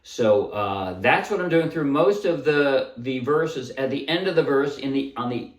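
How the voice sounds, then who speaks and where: In this laid-back music lesson, a man with a mid-range voice takes his time explaining a ukulele song's chords and strumming, breaking into brief sung bits while playing. The loud ukulele dominates a room-echo recording, with his voice somewhat distant from the mic.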